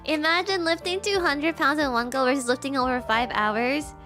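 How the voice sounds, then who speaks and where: A woman's voice: sits high, fairly even intonation, normal speed, a bit bright, faint music behind. A young woman streaming a game, chatting casually and reading the story aloud with self-mocking asides.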